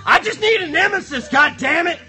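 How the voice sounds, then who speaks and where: A man's voice: very high voice, expressive, fairly quick, pushed and bright, soft background music, heavily acted. A man voicing a rowdy, foul-mouthed cardboard box monster, bantering crudely with a live stream chat.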